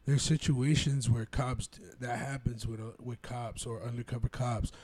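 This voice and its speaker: A young man, co-hosting a casual podcast chat in a laid-back, agreeing way that trails off quietly. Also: medium pitch, little pitch movement, moderate pace, breathy edge, dry recording. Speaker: podcast co-host.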